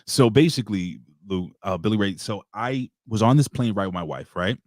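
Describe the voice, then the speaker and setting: A man hosting a casual show, telling stories excitably with lots of swearing and giving loud, hype-style introductions. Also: fairly low pitch, normal speed, no echo, clean studio sound. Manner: excitable, profane storytelling with hype announcer intros. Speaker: podcast host. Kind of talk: casual chat.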